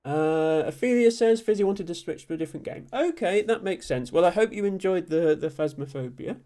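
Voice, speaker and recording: A young man streaming, reading chat messages aloud and thanking viewers, with frequent ums and soft laughs. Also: high voice, expressive, brisk. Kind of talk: casual live-stream chat.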